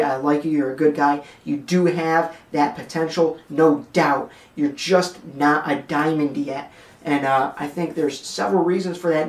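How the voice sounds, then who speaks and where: A man's voice: a little high, echoey room, far from the mic. A man hosting a wrestling podcast, giving blunt, joking commentary straight to his listeners. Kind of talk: opinionated commentary rant.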